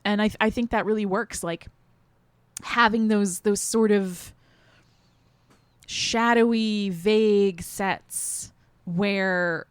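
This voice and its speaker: A woman co-hosting a podcast talks through a film in relaxed, meandering sentences full of fillers. Her pitch sits in an ordinary middle range, and the sound is dry and close to the mic. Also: takes it slowly, pauses often, clean tone, no echo. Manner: relaxed, talks in loose run-on thoughts with many fillers. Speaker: podcast co-host. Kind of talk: casual movie discussion.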